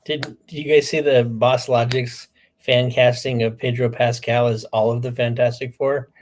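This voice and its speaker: A man's voice: mid-range voice, level tone, moderate pace. Easygoing male guest from the Southwest, casual chat tone. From American Southwest. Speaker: podcast guest.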